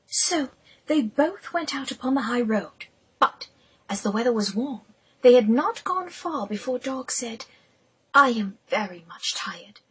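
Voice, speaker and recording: Woman narrator, whispered narration, very breathy, high voice. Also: animated, a little slow, poor audio. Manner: hushed, intimate storytelling whisper. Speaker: audiobook narrator.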